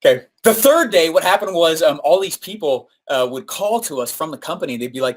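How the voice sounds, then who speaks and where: A man with a somewhat high voice teaching a live-streamed marketing lesson. He tells stories in an animated way and acts out what others said to him. He peppers his talk with fillers and "right?" tags. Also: a little fast. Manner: frequent fillers and "right?" tag questions. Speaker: marketing coach.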